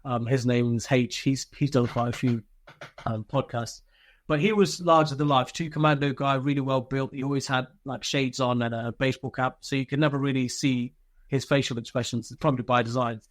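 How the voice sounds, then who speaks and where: A man recounts his army days as an interview guest, speaking loosely with plenty of swearing and restarts. His voice sits at a middle pitch. The recording is dry and close, with no room sound. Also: fairly even intonation, brisk, dry recording. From Britain. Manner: candid and laid-back, swears freely, many fillers and restarts. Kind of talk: casual storytelling interview.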